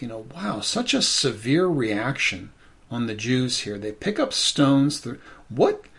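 A man's voice: medium pitch, vocal fry, a bit bright, breathy edge. A man preaching a sermon as pastor, conversational and thoughtful, with many "you know" asides.

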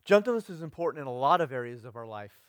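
A middle-aged male pastor preaching in a conversational way, letting phrases trail off softly and sometimes rising into loud, mock-stern lecturing. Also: mid-range voice, very animated, fast talker, no echo. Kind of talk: sermon.

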